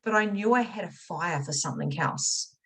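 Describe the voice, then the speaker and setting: A woman teaching a spiritual money masterclass. She talks casually and swears, leaping from loud excitement to quiet, confessional asides. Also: fairly low pitch, normal speed, vocal fry, slightly rough, poor audio. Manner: casual swearing, chatty direct address. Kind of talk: motivational masterclass talk.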